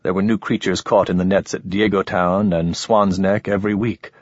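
A male audiobook narrator with a husky, low voice reads a scripted narration in a measured, even storytelling manner. The recording is dull and lo-fi, with no room sound.

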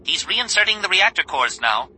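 A man voicing a fussy, excitable little male droid in a prim, shrill chatter for an audiobook, with music underneath. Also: moderate pace, slight background noise, exaggerated voice. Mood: chirpy. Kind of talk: audiobook character voice.

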